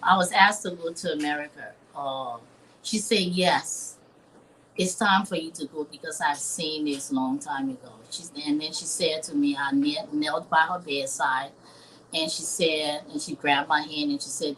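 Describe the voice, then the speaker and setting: A woman's voice: sits low, steady tone, measured pace, fairly bright tone, a little hiss or hum, poor audio. A woman from Liberia in her fifties, a chef telling a personal story in a live interview with an earnest, dramatic manner. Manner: earnest, dramatic, acts out quoted voices. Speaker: chef guest.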